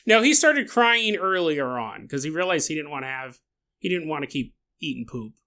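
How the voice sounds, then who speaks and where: A podcast host tells a story casually, with comic asides, laughing often and slipping into mock outrage and silly voices for the characters. The voice is medium-pitched, bright and forceful, with big pitch swings at a normal speed.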